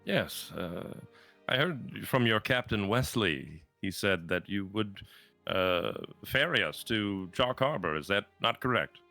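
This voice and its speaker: A man's voice: lowish voice, expressive, gravelly, pushed and bright, no echo, faint music behind, heavily acted. A man voicing a theatrical male circus ringleader in a tabletop game, grandiose and pushy, stretching his words. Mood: persuasive. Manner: grandiose, wheedling, drawn-out.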